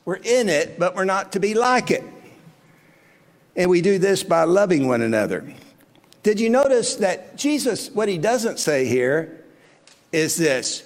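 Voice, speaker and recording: A man preaching in an earnest sermon, asking his congregation question after question. His voice sits high and swings widely in pitch. Long reverb trails each phrase as if in a large hall. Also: sing-song, measured pace, pauses often. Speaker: pastor.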